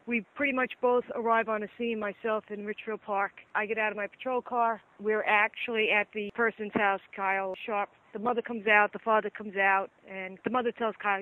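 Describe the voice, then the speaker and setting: A woman police officer, a guest on a phone-in interview, recounting an incident in emphatic detail and quoting what people said. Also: medium pitch. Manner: detailed, emphatic storytelling with quoted dialogue. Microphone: telephone. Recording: tinny phone line.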